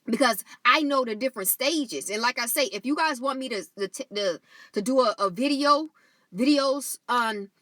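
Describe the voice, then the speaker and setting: Woman w/ just talking to her viewers, bright fairly high voice, dry close sound, lots of "you know". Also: dry recording. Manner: conversational, repeats "you know", restarts often. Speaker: channel host. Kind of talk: casual spiritual monologue to viewers.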